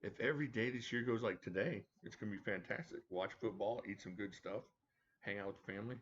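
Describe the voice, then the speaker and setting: A low-voiced man with a drawl chats loosely on a home live stream, greeting viewers by name and cracking jokes. The audio is a bit dull and lo-fi. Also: quick pace, a little hiss or hum. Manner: chatty, joking, talks to viewers by name. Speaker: live stream host reviewing knives. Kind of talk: casual live chat reading viewer comments. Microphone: desk mic at a home setup.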